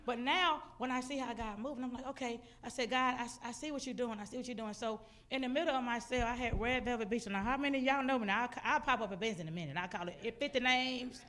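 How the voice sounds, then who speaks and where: A woman preaching a personal testimony from a church stage. Her voice sits a little high, and she tells the story with animated, expressive delivery, acting out her own outbursts. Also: quick pace, few pauses. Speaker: guest speaker. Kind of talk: testimony sermon. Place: church sanctuary.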